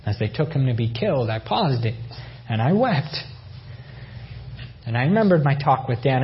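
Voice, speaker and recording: A man's voice: mid-range voice, highs cut off, slight background noise. A man from Iran giving a personal faith testimony, telling his story with emotion and repeated phrases. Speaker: testimony speaker.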